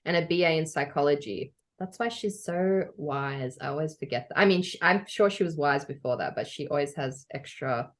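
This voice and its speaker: Low-voiced laughing woman co-host. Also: normal speed, few pauses. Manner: laughing, chatty, playful. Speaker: podcast co-host. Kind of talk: casual chat. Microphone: video call.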